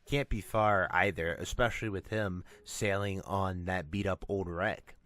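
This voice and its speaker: A man voicing a friendly, talkative harbor fisherman who speaks slowly and chats away in a folksy way. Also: deep voice, fairly even intonation, fairly bright tone. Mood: chatty.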